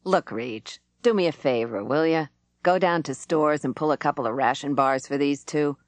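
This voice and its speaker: A woman's voice: sits low, moderate pace, no echo, natural voice. A woman reading an audiobook, voicing a surly male prison guard who growls his lines. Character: gruff middle-aged male prison guard.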